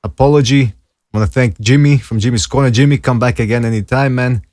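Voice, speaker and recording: A man's voice: mid-range voice, fairly even intonation, fast talker, darkish tone, no room sound, clean studio sound. A man hosting a casual podcast, laid-back and thanking his guests by name. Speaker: podcast host. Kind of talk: casual chat.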